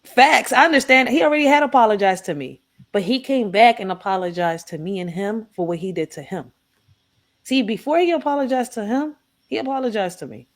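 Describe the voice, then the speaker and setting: A woman's voice: on the high side, fairly quick. A middle-aged woman in casual talk, telling a family story and acting out what people said with a raised voice. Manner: animated, acts out quotes in raised voice. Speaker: guest on a live talk stream. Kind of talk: casual heated chat, storytelling.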